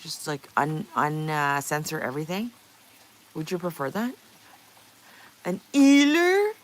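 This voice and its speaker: A woman's voice: sits low, normal speed, a bit bright, a little hiss or hum, poor audio. A woman livestreamer chatting casually with her viewers, reading their messages aloud, playful and often laughing.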